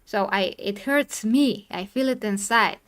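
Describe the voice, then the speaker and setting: A woman streamer in a live discussion, earnest and insistent, explaining herself and quick to apologize. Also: medium pitch. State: tired from talking.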